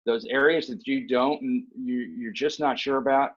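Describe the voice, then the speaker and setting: A man's voice: medium pitch, fairly even intonation, unhurried, dull audio. A man speaking as a guest on a podcast, giving earnest, emphatic advice and often checking in with "okay?" and "right?". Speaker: guest, university director of bands. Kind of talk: conversational advice.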